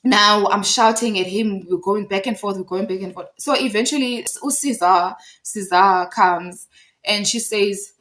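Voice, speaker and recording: A woman's voice: medium pitch, measured pace, fairly bright tone, low-quality recording. Young woman, South African accent, heated storytime vlog, emphatic, repeats herself. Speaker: storyteller vlogger. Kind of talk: casual storytime retelling.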